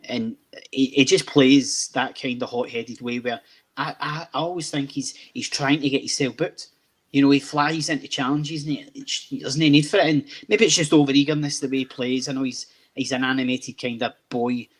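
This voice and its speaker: A young Scottish man hosting a casual football chat show, rambling and repeating words as he starts each thought. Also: medium pitch. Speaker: podcast host.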